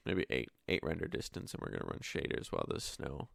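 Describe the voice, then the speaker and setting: Gravelly low-voiced gaming host. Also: male voice, fast, heavy background noise. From Canada. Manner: chatty, swears freely, easily excited. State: voice tired from many takes. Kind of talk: casual gameplay commentary. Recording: faint background music.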